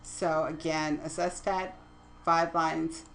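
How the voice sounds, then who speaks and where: A woman's voice: sits low, level tone, takes it slowly, a bit bright, a little hiss or hum, poor audio. A woman teaching poetry terms in a lecture over slides, reading definitions steadily and correcting her own slips. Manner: methodical, reads definitions aloud, self-corrects slips.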